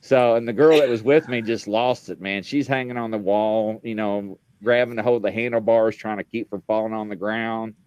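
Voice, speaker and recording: A man's voice: on the low side, fairly even intonation, moderate pace, few pauses, darkish tone, clear, resonant tone, no echo, highs cut off. A man co-hosting a podcast in casual chat, a rambling storyteller who laughs at himself. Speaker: podcast co-host.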